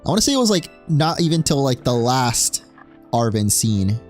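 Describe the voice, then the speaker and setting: Young male game streamer from Spain, animated and jokey delivery, faint background music. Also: medium pitch, normal speed. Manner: excitable, jokey, cheering at the screen. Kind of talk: casual let's play commentary.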